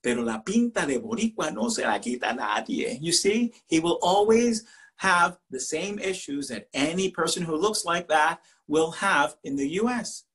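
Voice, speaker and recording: With a voice on the high side and a moderate pace, a male teacher from Puerto Rico shares animated personal stories in Spanish. His Puerto Rican accent comes through as he slips into different voices.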